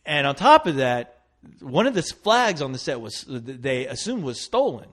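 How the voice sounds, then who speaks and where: A man's voice: mid-range voice, moderate pace. A man telling a story in a casual podcast chat, laughing often and acting out what others said. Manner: animated storytelling, laughing, acts out quotes. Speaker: co-host.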